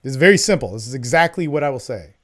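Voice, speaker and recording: Blunt, profane man coaching on a podcast. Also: very fast. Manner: blunt and profane, swings between loud emphasis and low murmurs; animated, acts out his own lines in a hushed voice. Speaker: podcast host and dating coach. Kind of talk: casual coaching talk.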